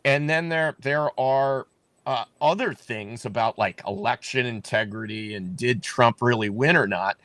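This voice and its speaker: A man's voice: mid-range voice, a little slow, fairly bright tone, no room sound. A man running for office, talking emphatically in a casual political chat and often repeating himself. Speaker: political candidate.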